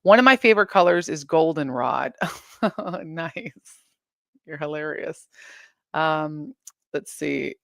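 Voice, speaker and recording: A woman with a lowish, gravelly, slightly bright voice hosts a casual live stream, reading viewer comments aloud and answering them. She rambles and giggles at a slow pace, pausing often. The audio is dry and close, with no room echo.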